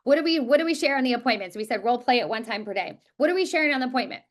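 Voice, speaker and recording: A woman teaching a real estate class, talking quickly and emphatically and repeating words for stress. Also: high voice, lively intonation. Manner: talks quickly. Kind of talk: live class presentation.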